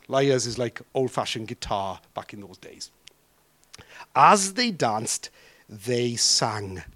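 A man preaching a sermon, drawing out key words and throwing questions to the congregation. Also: mid-range voice. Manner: animated, drawn-out emphatic phrasing with questions to the congregation.

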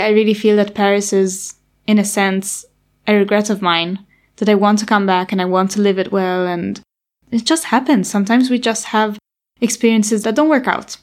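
A young woman tells a personal story straight to the camera. She talks openly and candidly, sometimes with an anxious edge as she recalls old worries. Her pitch sits in a middle range. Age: young adult.

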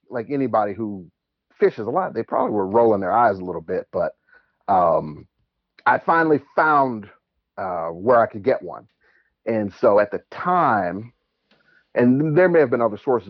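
A man with a low, husky voice tells stories as a caller, chatty and quick to laugh. His pitch swings widely as he talks. The sound is dry and a little dull, like lo-fi call-in audio. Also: dry recording. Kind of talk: casual storytelling.

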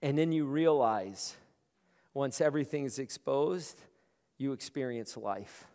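A man's voice: mid-range voice, lively intonation, a little slow, dark tone. A male pastor preaching a conversational sermon, often repeating words as he starts his phrases. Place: large room. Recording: long hall reverb.

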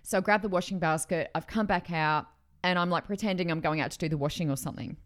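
A middle-aged woman telling a story in a casual chat, animated, with many fillers and restarts. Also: lowish voice, fast talker.

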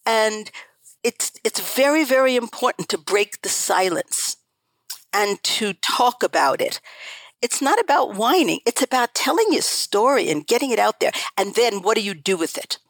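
A woman's voice: on the high side, lively intonation, normal speed, no room sound, low-quality recording. An older woman, a guest on an interview show, telling her family story in an earnest, emphatic way that repeats phrases for stress. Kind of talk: conversational storytelling.

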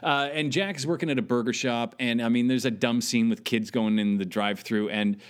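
A man's voice: mid-range voice, steady tone, a little fast, clear, resonant tone. A man co-hosting a podcast, casually recapping a cartoon episode with blunt, swearing wisecracks. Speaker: podcast co-host. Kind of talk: casual show recap chat.

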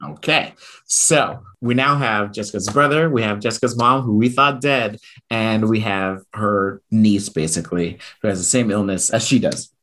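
A man's voice: on the low side, moderate pace, fairly bright tone. A man in casual conversation, recapping a comic book plot with frequent laughs and quoted bits of dialogue. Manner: chatty, laughs often, retells with quoted dialogue.

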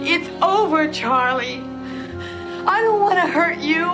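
A woman's voice: very high voice, expressive, slow, exaggerated voice, poor audio. An actress playing a young woman who is firmly ending a teen romance. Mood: exasperated, tender. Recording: film audio with music score.

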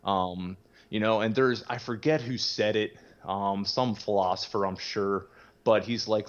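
A man's voice: fairly low pitch, steady tone, measured pace. A young man in recovery telling his story in a candid, rambling way, full of "you know" and casual swearing. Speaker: guest in recovery. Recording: muffled lo-fi audio.

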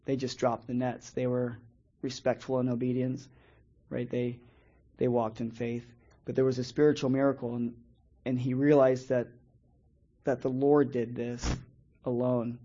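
A man preaching a Bible lesson in a measured way, reading scripture slowly and pausing often. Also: mid-range voice, flat delivery, mellow, lo-fi sound. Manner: measured, reads scripture slowly with pauses and restarts. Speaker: preacher teaching a Bible study. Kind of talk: sermon-style Bible teaching.

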